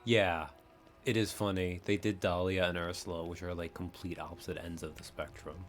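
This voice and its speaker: A man's voice: deep voice, flat delivery, normal speed, soft background music. A man commenting on a video game as a streamer, with wry, muttered asides. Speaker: gaming streamer. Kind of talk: let's-play commentary.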